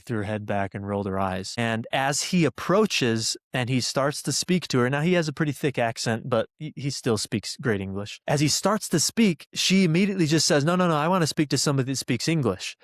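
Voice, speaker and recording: A man's voice: mid-range voice, a little fast, hardly any pauses, no echo, studio quality. A man hosting a podcast, earnestly telling a personal story in conversation, with many fillers along the way. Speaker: podcast host.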